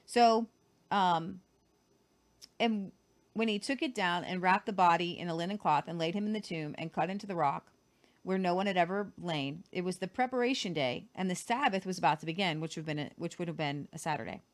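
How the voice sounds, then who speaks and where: A woman's voice: fairly low pitch, fairly quick. Woman reading scripture with casual asides. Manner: earnest, stumbles and repeats words while reading. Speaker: co-host of a Christian show.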